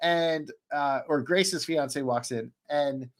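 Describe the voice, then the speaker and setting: A man on a streamed podcast call, recapping an anime in a rambling, excitable way, full of fillers and restarts. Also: on the high side, slow. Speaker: podcast panelist. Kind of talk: casual chat, recapping an anime.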